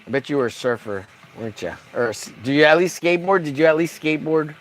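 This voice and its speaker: Young guy streaming while he paints, rambly crude banter with chat, voice a bit on the high side. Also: expressive, fast, hardly any pauses. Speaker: livestreaming painter. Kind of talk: casual livestream chat.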